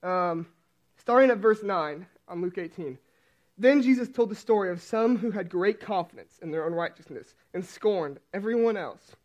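A young man with a high voice preaches in a relaxed, chatty way, stumbling and restarting as he tells a story about himself. The recording sounds dull and lo-fi. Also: moderate pace. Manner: chatty, self-deprecating storytelling with many restarts. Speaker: youth pastor. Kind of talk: casual sermon with personal story.

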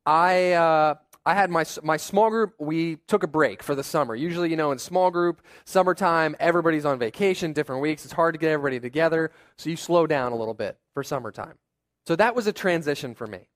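A man's voice: a little high, quick pace. A young adult man giving a sermon as a pastor, talking in a conversational, self-deprecating way with personal stories and asides.

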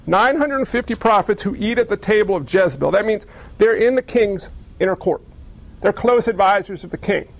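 A man's voice: sits high, animated, brisk, vocal fry. A man preaching a sermon, retelling a story with humor and acting out the characters in mocking voices. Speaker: pastor.

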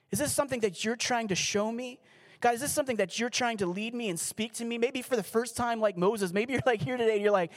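A man, a pastor, preaching a sermon in an earnest, pleading way, slowing down and dropping to a near hush on key lines. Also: high voice.

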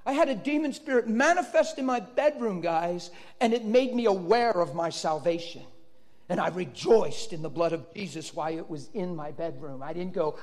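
A man delivers a fervent sermon testimony in a high, wildly swinging voice. He tells his story with sudden loud bursts, and his words ring out with the long reverb of a large hall. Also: animated, normal speed. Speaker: preacher.

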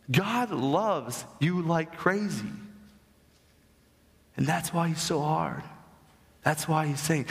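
A man's voice: fairly high pitch, lively intonation, takes it slowly, creaky, pauses often. A young adult man preaching a sermon as pastor, emphatic and rising to strong stress on key points. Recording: long hall reverb.

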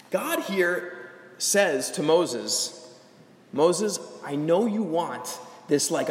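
A young adult man preaching a sermon as a pastor, animated and rising to emphatic calls. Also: high-pitched. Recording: echoey hall.

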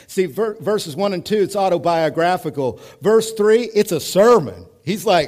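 A male pastor in his thirties preaching a sermon in an animated, conversational way, moving between hushed and loud. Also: high-pitched, normal speed, hardly any pauses.

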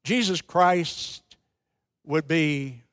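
A man preaching a sermon as a pastor, telling stories in a slow, emphatic and dramatic way. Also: on the high side, clear, resonant tone, no echo, clean studio sound.

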